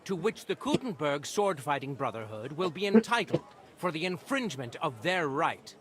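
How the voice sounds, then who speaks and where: Stern medieval judge, formal and commanding, lively high delivery. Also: male voice, normal speed. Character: stern medieval judge, middle-aged man.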